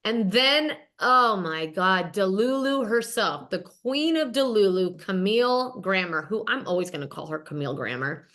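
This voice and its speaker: A woman's voice: mid-range voice, moderate pace, few pauses. Chatty woman recapping reality TV. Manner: chatty, animated storytelling. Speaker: podcast host. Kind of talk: casual gossip recap.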